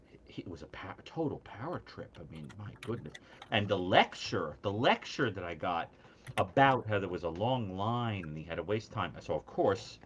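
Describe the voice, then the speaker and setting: A very deep-voiced man swings his voice widely as he spins an animated, self-mocking story. He is heard over a dull, lo-fi remote line with a faint hiss behind him. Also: moderate pace. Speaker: co-host. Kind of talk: casual call-in chat. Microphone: remote call mic. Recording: dull lo-fi call audio, faint noise.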